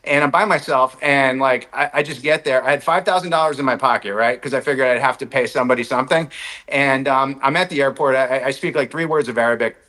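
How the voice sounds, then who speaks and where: A man from the United States, a podcast guest, telling a travel story quickly, peppered with "like" and "right?" asides. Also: mid-range voice, sharp tone, poor audio. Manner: rapid anecdote-telling with lots of "like" and "right?" asides. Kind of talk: animated storytelling in conversation.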